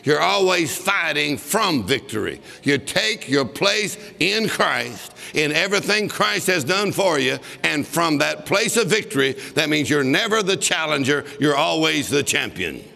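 A man's voice: fairly high pitch, big pitch swings, a little slow, vocal fry, hardly any pauses, sharp tone. A man preaching a sermon, telling a story and breaking into bursts of laughter as he exhorts. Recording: long reverb of a large hall.

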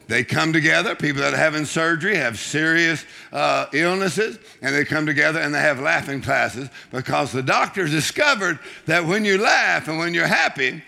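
Gravelly bright-voiced preacher. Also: male voice, a little high. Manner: joking, exhorting congregation with shouts and laughter. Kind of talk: humorous sermon.

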